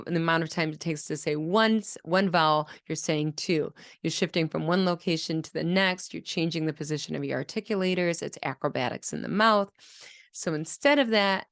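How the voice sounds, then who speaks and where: A woman's voice: low voice, dry recording, clean studio sound. A woman speech-language pathologist teaching on a podcast, talking earnestly and sounding out children's babble as examples. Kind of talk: educational podcast talk.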